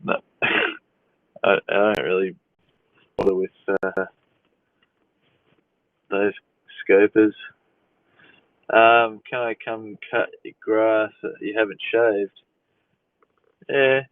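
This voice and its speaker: A man's voice: lowish voice, steady tone, slow, long pauses, dry recording. A man hosting a casual live Q&A, reading viewers' questions aloud in an easygoing, amused way and chuckling often. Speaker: livestream host answering chat. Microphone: phone livestream. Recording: dry, tinny phone-like sound.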